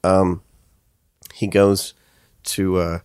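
A man's voice: deep voice, very slow, smooth, no room sound, studio quality. A man telling a profane comic story in a loose, crude, casual way. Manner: loose, crude, swearing, animated.

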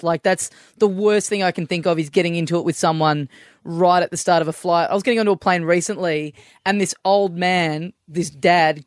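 A podcast co-host chatting casually in a quick, slightly nervous way. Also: mid-range voice, no room sound, clean studio sound.

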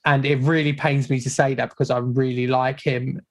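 A man in a casual football podcast chat, giving measured opinions and hedging often. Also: medium pitch, little pitch movement. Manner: measured, hedging with repeated "I think".

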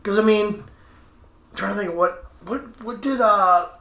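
A woman co-hosting a podcast in casual chat, laid-back and quick to push back. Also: mid-range voice, a bit bright. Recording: echoey room.

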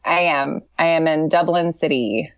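A woman's voice: low-pitched, no echo. Giggly woman on a dull video call. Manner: giggly, halting, self-deprecating. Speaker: co-host. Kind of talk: comedy podcast banter over a video call. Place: hotel room in Dublin.

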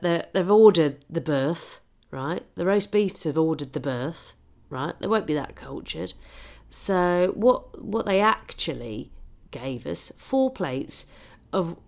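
A British woman hosting a podcast, telling a comic story in a sweary, animated way with mock-French asides. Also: low-pitched, slow pace, vocal fry. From Britain. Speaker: podcast host.

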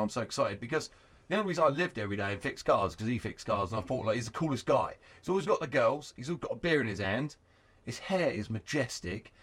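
A man in his thirties who runs a garage shares his story in a husky, mid-range voice. He's animated and casual, swears freely, and performs the voices of those he quotes.

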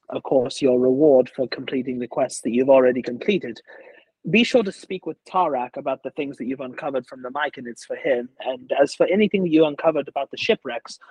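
A man voicing an old female dragon who speaks with gracious, measured warnings. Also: mid-range voice, darkish tone, slightly rough, dry recording, natural voice, rough recording.

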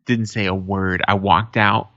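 A man's voice: sits low, little pitch movement, unhurried, bright, forceful tone, no room sound, dull audio. A man co-hosting a podcast, telling profane stories in casual chat and acting out the quotes. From Arizona. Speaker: podcast co-host.

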